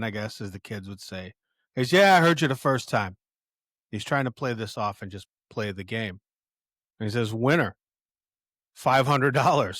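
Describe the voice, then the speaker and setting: A man with a somewhat low voice walks through a film scene on his podcast, chatty and conversational. He stops and restarts often, correcting himself with fillers along the way. The sound is dry and close. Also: dry recording. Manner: halting, self-correcting, full of fillers. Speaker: podcast host. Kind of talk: casual retelling of a film scene.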